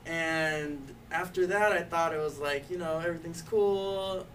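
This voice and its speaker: Young man, fairly high voice, casual personal story, slightly distant mic with faint background noise. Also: measured pace, fairly bright tone. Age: young adult. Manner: casual, full of "like" and "you know", laughs often. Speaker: youth activist intern.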